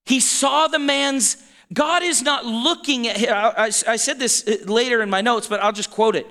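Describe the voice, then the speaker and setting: A man's voice: very high voice, normal speed, sharp tone, big-room sound. A man preaching a sermon as pastor, talking in a conversational way that stops and restarts often, with asides to the congregation. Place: church sanctuary.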